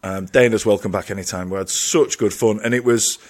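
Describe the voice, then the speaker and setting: A man's voice: lowish voice, fairly even intonation, fairly quick. An English man co-hosting a podcast, chatting and teasing his co-host in casual banter. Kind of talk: casual chat.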